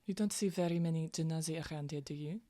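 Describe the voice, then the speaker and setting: A defiant young woman in a tabletop game who fires pointed, challenging questions, voiced by a woman. Her voice is low-pitched and sounds dry and close, with no room around it. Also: fast talker, mellow, no room sound, close to an everyday voice.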